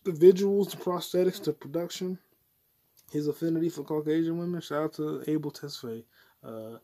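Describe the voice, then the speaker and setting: A man's voice: a little high, normal speed, warm tone. A man hosting a solo podcast, rambling crudely and profanely from topic to topic. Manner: crude, profane, jumps between topics, puts on mock voices. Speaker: podcast host.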